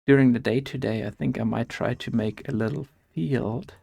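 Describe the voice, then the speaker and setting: A gaming vlogger whose first language is German chats casually while playing a game, rambling and thinking aloud with many fillers and restarts, and he mentions that he has allergies. He has a German accent and a mid-range, mellow, creaky voice with a breathy edge, speaking at a moderate pace in a steady tone.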